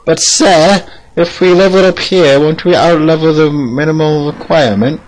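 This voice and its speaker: A man voicing a high, whiny male underling soldier who keeps anxiously questioning his commander. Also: moderate pace, lightly acted, rough recording.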